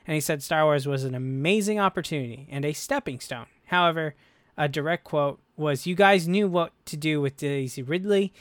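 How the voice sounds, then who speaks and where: A man hosting a casual podcast discussion, animated and chatty, breaking into playful voices when quoting others. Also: on the high side, clean tone, dry recording. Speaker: podcast host.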